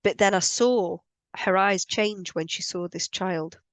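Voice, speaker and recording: A woman's voice: mid-range voice, unhurried, no echo. A woman speaking as a spiritual healer, explaining her views in an earnest, emphatic monologue and repeating points for stress. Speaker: spiritual healer teaching on energy.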